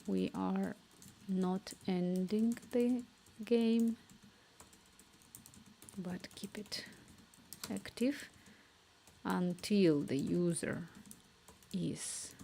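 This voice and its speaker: A woman streaming herself coding, thinking aloud and dictating requests haltingly into a cheap microphone at home. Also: lowish voice, gravelly, mellow, a little hiss or hum.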